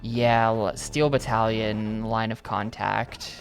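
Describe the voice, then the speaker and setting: A man's voice: lowish voice, flat delivery, slow pace, creaky, faint music behind. A man streaming a video game, rambling casually and hedging with lots of "like" and "I think". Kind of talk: casual gameplay commentary.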